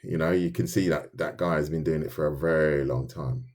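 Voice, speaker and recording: A man from London with a deep, low-pitched voice and a London accent. He chats casually while sketching on a live stream, talking his process through out loud, and reacts to viewer comments with loose, restarting sentences. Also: fairly even intonation, a little fast. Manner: chatty, loose and thinking aloud, reads viewer comments, many restarts.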